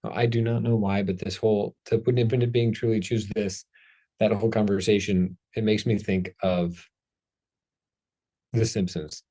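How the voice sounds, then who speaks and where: A man's voice: fairly low pitch, steady tone, normal speed, dark tone, breathy edge. A man hosting a casual talk show, talking in a playful, chatty way and joking about himself. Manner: playful, chatty, self-deprecating. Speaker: host.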